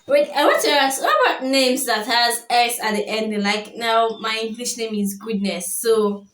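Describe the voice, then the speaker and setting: A woman's voice: fairly high pitch, normal speed, a bit bright. A woman, chatting casually and asking eager, pleading questions. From Nigeria. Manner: exclaims often, pleading and curious. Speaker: participant. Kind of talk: casual group chat. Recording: echoey room.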